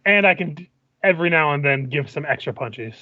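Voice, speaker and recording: A man's voice: fairly high pitch, lively intonation, fairly quick, sharp tone, no room sound, dull audio. A man playing in an online tabletop game, chatting in a blunt, goofy way. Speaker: player. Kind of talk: casual chat between players.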